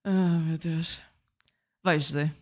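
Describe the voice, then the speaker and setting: A woman's voice: low-pitched, fairly even intonation, slow. A woman streaming her game development live, chatting casually and laughing often, and repeating words as she searches for them. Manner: laughs often and reacts warmly to chat.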